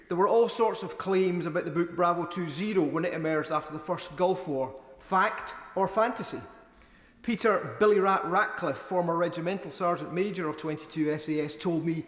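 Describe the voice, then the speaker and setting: Brief: male MP, fairly high voice, wry measured oratory, echoey chamber with long reverb. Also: a bit bright. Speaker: member of parliament. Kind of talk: parliamentary debate speech. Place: debating chamber.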